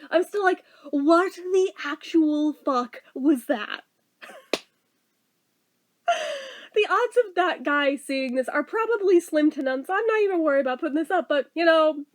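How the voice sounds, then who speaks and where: Chatty high-voiced woman telling a story. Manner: chatty, exasperated, swears and laughs often. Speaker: vlogger. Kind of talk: casual storytelling.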